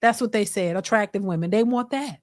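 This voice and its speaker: This reaction-channel host has a mid-range voice and talks a little fast, giving casual commentary to her live chat. Bluntly and emphatically, she lectures viewers and imitates others in a put-on voice to mock them. There's no echo on the audio.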